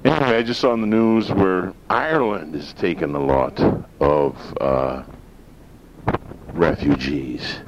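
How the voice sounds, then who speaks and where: A man's voice: deep voice, unhurried. A man from northern Maine hosting a talk radio show, rambling in a folksy, opinionated way. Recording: dull lo-fi sound with faint hiss.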